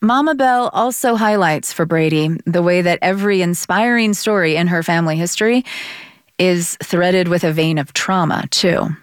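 Lady narrator with a lowish voice, measured, dry close sound. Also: clear, resonant tone, no room sound. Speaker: interviewer and narrator. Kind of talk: scripted narration and interviewing.

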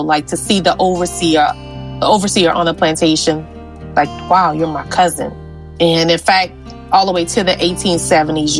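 A woman from Louisiana, a genealogist and interview guest, telling family stories in an earnest, conversational way with lots of fillers. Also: lowish voice. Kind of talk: personal storytelling in an interview.

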